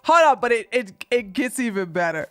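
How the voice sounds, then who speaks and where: A woman streamer reacts live to a clip, mocking it and laughing, now and then breaking into shouts. Her voice sits high and bright, and her pitch swings widely as she goes. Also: big pitch swings, fairly quick.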